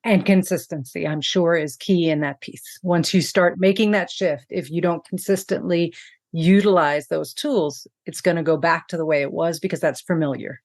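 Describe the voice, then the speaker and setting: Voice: mid-range voice, moderate pace, dry recording, studio quality. A podcast host interviewing a guest, mostly giving short affirmations with enthusiasm.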